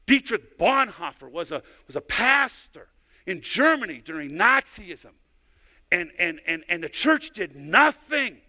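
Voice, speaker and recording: A man's voice: high voice, big pitch swings, measured pace, bright, forceful tone. A middle-aged male pastor preaching a sermon in a church, telling stories conversationally and often repeating words as he goes. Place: church sanctuary. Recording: long hall reverb.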